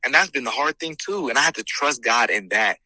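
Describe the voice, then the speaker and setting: A man's voice: mid-range voice, animated, a little fast, pushed and bright, no echo, poor audio. A young man from California talking casually about faith, telling stories with earnest, preacher-like emphasis. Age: young adult. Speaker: guest, host's son.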